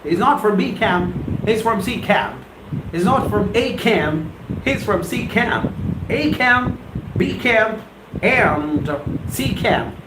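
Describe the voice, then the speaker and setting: A man's voice: high voice, takes it slowly. Male English tutor, 40s, theatrical live-lesson host; noisy, reverberant recording. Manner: animated, theatrical, drills words by repetition. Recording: roomy echo with background noise.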